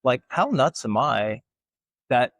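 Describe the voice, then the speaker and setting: A man from Alabama, telling animated family stories as an interview guest. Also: mid-range voice, takes it slowly, no room sound. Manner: animated storyteller, acts out quoted voices. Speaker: guest, artist. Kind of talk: casual storytelling interview.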